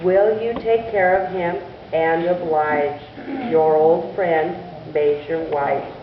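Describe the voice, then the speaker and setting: Woman reading as a kindly old major, slow, measured, slightly lowered voice, echoey, distant. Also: steady tone, a little hiss or hum. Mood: gentle. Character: kindly old male major writing a letter. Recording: distant, dull, echoey church recording.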